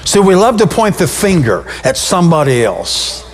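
A male pastor delivering a sermon in a fairly high voice that swings widely in pitch, jumping up for emphasis and sinking low. His pace speeds up and slows down as he drives points home. The sound carries the long reverb of a church hall. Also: big pitch swings. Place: church sanctuary.

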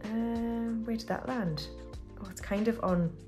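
A woman's voice: fairly high pitch, fairly even intonation, unhurried, over music. Chatty British woman counting cash. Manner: chatty, counts money aloud, self-talk. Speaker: budgeting channel host. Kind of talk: casual cash-stuffing commentary.

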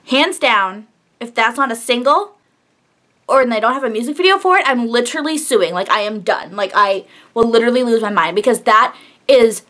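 A woman's voice: a little high, expressive, moderate pace, a bit bright. A young woman gushing and exclaiming as she reacts to an album, swearing often as she talks. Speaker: music reaction vlogger. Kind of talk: excited music reaction. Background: faint pop music playing.

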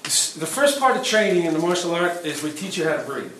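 A middle-aged man teaches a self-defense class in a plain, practical way, checking in with quick questions. His voice sits a bit high for a man. He is picked up from a distance in a reverberant room with faint background noise. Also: very animated, a bit bright. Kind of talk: workshop teaching. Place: event hall. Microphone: distant room mic. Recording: echoey hall from far off, faint noise.

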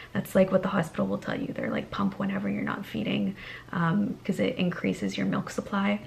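A young woman vlogging at home, cooing to her babies in high baby talk and half-whispering to the camera while tired. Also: big pitch swings, brisk, creaky, slight background noise. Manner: high sing-song baby talk to infants. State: sleep-deprived. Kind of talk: casual vlog.

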